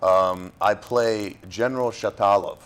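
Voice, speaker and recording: A man's voice: on the low side, steady tone, measured pace, smooth. A man from Florida, an actor being interviewed, talking in a loose, rambling way with fillers and restarts. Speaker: actor, guest. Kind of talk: casual interview.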